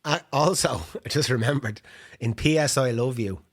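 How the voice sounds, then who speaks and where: A man's voice: medium pitch, moderate pace. An Irish man co-hosting a podcast, chatting casually and laughing often. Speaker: podcast co-host. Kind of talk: casual chat.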